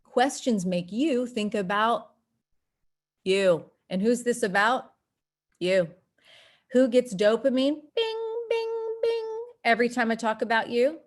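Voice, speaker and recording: Animated woman leading a workshop. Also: a little slow, pauses often. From North Texas. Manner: animated, acts out quoted voices with big pitch jumps. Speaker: workshop presenter. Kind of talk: lively online workshop talk.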